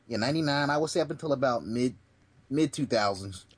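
Husky, lively man joking crudely. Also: medium pitch, brisk, no echo. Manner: joking, crude, laughs readily. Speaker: podcast co-host. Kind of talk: casual movie review chat.

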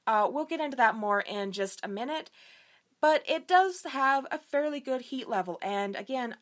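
A young woman talks through a book she loved, in a casual vlog review. Her voice sits a little high and she leans hard on her points, cursing freely as she gushes. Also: fairly bright tone. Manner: emphatic, enthusiastic and frequently profane.

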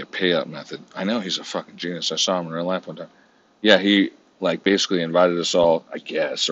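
Deep husky guy on a rambling swear-filled rant, mutters to himself, muffled lo-fi audio. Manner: profane, meandering, muttering asides. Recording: muffled lo-fi recording.

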